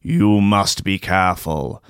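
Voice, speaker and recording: A man voicing a solemn ghost who gives slow, grave warnings in a lowered voice. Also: steady tone, clear, resonant tone, dry recording, clean studio sound. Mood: ominous. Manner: slow, grave, portentous delivery. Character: solemn ghost of old memes, warning sleeper.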